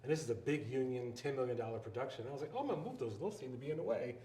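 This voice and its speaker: Philly guy, filmmaker telling stories, does little voices for people, mid pitch, roomy live room with faint murmur. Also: racing, slight background noise. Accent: Philadelphia. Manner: animated storyteller, acts out quoted voices. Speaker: filmmaker and educator, guest. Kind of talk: storytelling interview talk. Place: live event venue. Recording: roomy live event recording.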